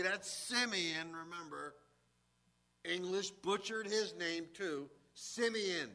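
A man's voice: high-pitched, pushed and bright. A man preaching a sermon, reading scripture aloud and breaking off into joking asides, growing emphatic as he makes his points. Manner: reads scripture then adds joking asides. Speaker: pastor.

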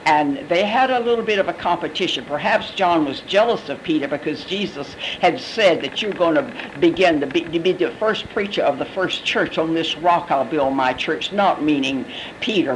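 A Bible teacher explaining scripture in a conversational, expressive sermon style. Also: medium pitch, a little hiss or hum, rough recording. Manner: conversational, expressive, acts out quotes. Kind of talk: sermon commentary.

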